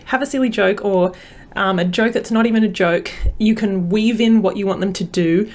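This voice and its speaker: A woman's voice: mid-range voice, normal speed. Upbeat aussie mum in her 30s chatting to camera about parenting, lots of ums. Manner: chatty, upbeat, many fillers. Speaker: parenting coach. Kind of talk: casual talk to camera.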